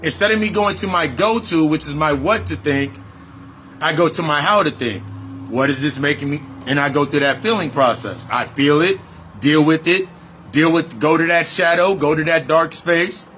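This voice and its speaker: A spiritual reader and life coach delivers a freewheeling spiritual monologue, casual and profane, in loose run-on sentences that repeat phrases for emphasis. His voice sits on the high side with a fairly bright tone, moving at a moderate pace over slight background noise.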